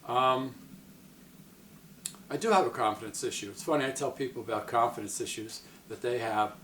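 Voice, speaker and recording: A man's voice: mid-range voice, moderate pace, a bit bright, recorded from a distance. A man talks casually to the camera, rambling and circling back on himself as he tells a story. He sits back from the mic in an echoey room with a faint hum behind him. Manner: rambling, self-interrupting, retells quotes in other voices. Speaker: psychic medium vlogger.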